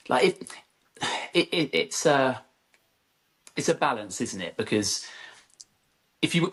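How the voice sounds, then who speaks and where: Speaking with a lowish voice and noticeable vocal fry, this thirty-something content creator rambles through stories as a podcast guest. He keeps restarting sentences and leans heavily on "like" in his relaxed, conversational way.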